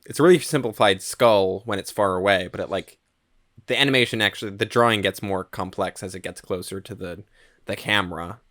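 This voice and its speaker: A man co-hosting a film history podcast, talking in a relaxed way full of "like" and "um". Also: fairly low pitch, fairly quick. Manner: relaxed, hedging with "like" and "um". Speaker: podcast co-host. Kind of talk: casual film history chat.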